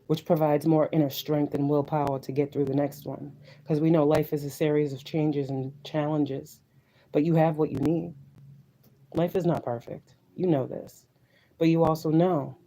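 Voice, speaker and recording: Woman tarot reader on a live stream: mellow, warm tone, emotional and preachy, drops to soft near-whispers. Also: deep voice, low-quality recording. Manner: emotional, preachy, repetitive affirmations, swears.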